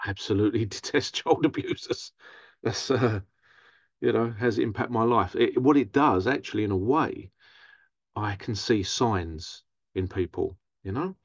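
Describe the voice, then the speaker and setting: A man's voice: fairly low pitch, dry recording, dull audio. A man, a therapist, talking through a casual monologue, often mimicking other people in a raised voice. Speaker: therapist and podcast host.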